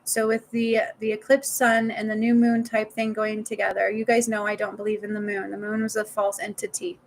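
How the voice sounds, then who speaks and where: A woman's voice: medium pitch, rough recording. A woman talking casually to viewers in a live stream as a spiritual healer, swearing now and then and repeating words for emphasis.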